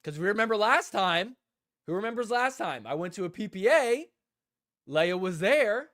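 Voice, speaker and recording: A young adult man hosting a casual live stream, telling animated stories, acting out what people said, and laughing often. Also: sits high, normal speed, no echo, clean studio sound. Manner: animated storyteller, acts out quotes, laughs often. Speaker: host.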